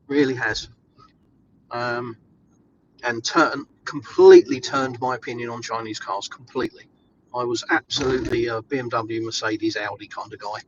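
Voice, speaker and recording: Driving while he live-streams, this English vlogger keeps up a casual, upbeat chat with his viewers, fielding their questions with lots of ums. His voice sits at medium pitch and sounds pushed and bright. The highs are cut off, and there's slight background noise.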